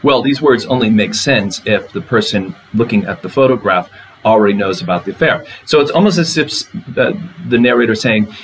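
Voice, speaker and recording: A man's voice: fairly low pitch, lively intonation, brisk, breathy edge, poor audio. A man lecturing on a poem, talking through it line by line and asking the class rhetorical questions. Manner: conversational, asks rhetorical questions. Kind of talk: literature lecture.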